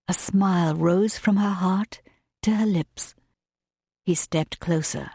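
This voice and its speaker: A woman narrating a romance audiobook in a measured, gentle way. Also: fairly low pitch, slightly rough, no echo, clean studio sound. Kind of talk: scripted narration.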